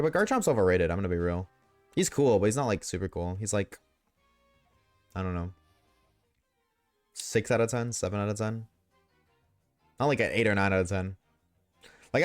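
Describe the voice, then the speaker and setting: A man's voice: fairly low pitch, no room sound. A young man streaming a game, chatting casually with his viewers, joking and swearing freely. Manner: profane, joking, talks back to chat. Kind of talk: casual gaming livestream chat.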